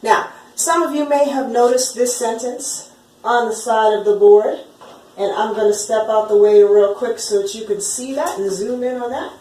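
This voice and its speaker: Woman teacher, upbeat and encouraging, repeats words slowly to drill them, recorded from a distance with room echo. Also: fairly high pitch, fairly even intonation, mellow, slight background noise. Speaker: Spanish teacher. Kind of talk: classroom lesson at a whiteboard. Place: classroom with a whiteboard.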